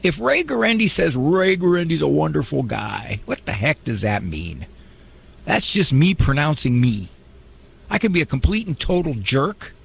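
A man's voice: a little high, wildly swooping pitch, normal speed, gravelly, slightly rough. A man hosting a radio advice talk show, conversational and humorous with a preachy bent.

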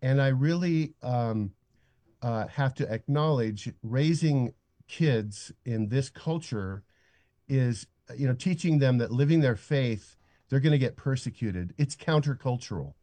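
An older man talks earnestly and reflectively, often stopping and restarting his thoughts. His voice is dark and mellow. It sounds close and dry through a studio microphone. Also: mid-range voice, measured pace, dry recording. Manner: earnest, reflective, stop-start. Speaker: guest. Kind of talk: radio interview.

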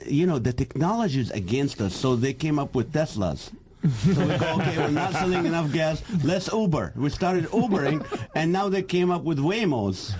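Animated joking man from the Middle East. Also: on the high side, husky. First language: Arabic. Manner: animated, joking, laughs often. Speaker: guest comedian. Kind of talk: casual chat.

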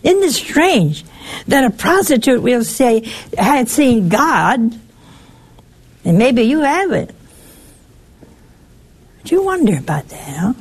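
A woman giving a conversational sermon in a folksy way, asking her listeners rhetorical questions and jumping up in pitch for emphasis. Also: very animated, slow pace, pauses often, husky. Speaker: preacher.

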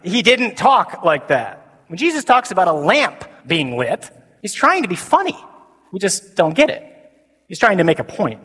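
A man, a Catholic priest preaching a sermon to a men's conference, animated, swinging from loud emphasis to slow, quiet declarations. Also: high voice, slightly rough. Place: large conference hall. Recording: reverberant conference hall.

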